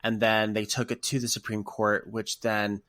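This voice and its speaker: Man, podcast co-host, emotional animated storytelling, dry close mic. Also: fairly low pitch, normal speed, no echo. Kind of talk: casual podcast chat.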